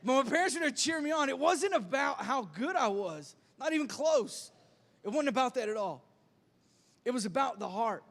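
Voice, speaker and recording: A man's voice: extremely high pitch, animated, moderate pace, fairly bright tone, in a large hall. A man preaching a sermon as pastor, telling self-deprecating stories with lots of stammered restarts. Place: church sanctuary.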